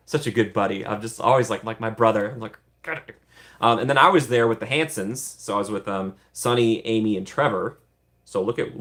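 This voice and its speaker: A man's voice: on the low side, a bit bright. Chatty upbeat young man hosting a livestream. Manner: chatty, upbeat, laughs often, rambling with fillers. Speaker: livestream host. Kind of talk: casual livestream chat with viewers.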